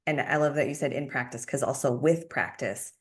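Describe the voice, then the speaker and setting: A woman podcast host and love coach, explaining ideas calmly in a casual chat. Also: rumbling low, brisk.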